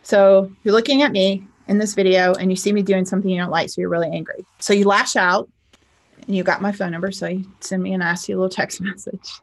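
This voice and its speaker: A woman who works as a spiritual teacher and life coach talks casually to a camera, chatty and animated, often asking "okay?" and playing out both sides of an argument. Her voice sits at a medium pitch, and she speaks fast.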